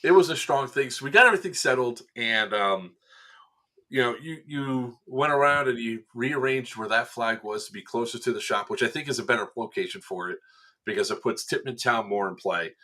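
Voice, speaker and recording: A man chatting casually on a podcast, telling an animated story, acting out quotes and laughing often. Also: medium pitch, brisk. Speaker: event staff member recounting a game day.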